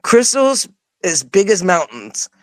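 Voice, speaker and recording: A woman guest recounts a personal experience in plain, casual speech, slipping into lively re-enactments of what she said at the time. Her voice sits at a middling pitch, and the sound is dry and close. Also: slow pace, no room sound. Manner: animated, acts out her own past words; casual, informal wording. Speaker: interview guest. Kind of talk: personal storytelling.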